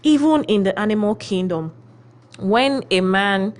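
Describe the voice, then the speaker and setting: Animated woman giving radio relationship advice. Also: medium pitch, a little slow. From Philippines. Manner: animated storyteller, acts out quotes; often adds "okay?" to check in. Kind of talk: radio talk show advice.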